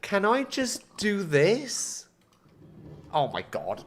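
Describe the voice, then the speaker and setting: A young man commentating his own gameplay live, excitable and self-mocking, talking to chat. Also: high voice, extremely slow, pauses often, a little hiss or hum. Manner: excitable, self-mocking, swings between frustration and laughter. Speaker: gaming streamer.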